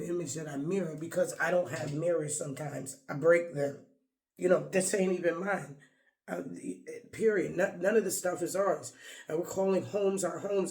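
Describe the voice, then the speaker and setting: A man vlogging in a rambling, earnest monologue, casual and apologetic, often restarting his sentences. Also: a little high. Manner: heartfelt and apologetic; casual slang. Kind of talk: emotional off-the-cuff monologue.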